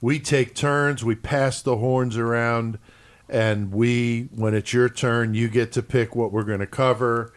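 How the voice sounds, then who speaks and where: Podcast host guy, upbeat and swearing, steering the talk, mid-pitched voice. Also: steady tone, a little slow. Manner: upbeat, profane, leading the talk. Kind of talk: casual podcast chat. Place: studio.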